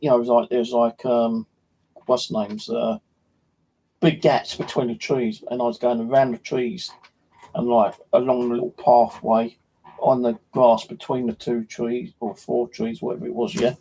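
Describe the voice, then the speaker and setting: A metal detecting vlogger tells his viewers about his day of detecting in casual storytelling to camera, rambling and conversational, full of fillers and slang. His voice is medium-pitched and warm, on a rough recording with slight background noise.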